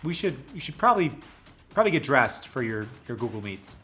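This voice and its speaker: A young adult man playing a teacher who patiently coaxes a puppet student through a video call, gently exasperated. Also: fairly high pitch, very animated, a little fast, loud music behind the voice. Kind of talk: comic scripted video call skit.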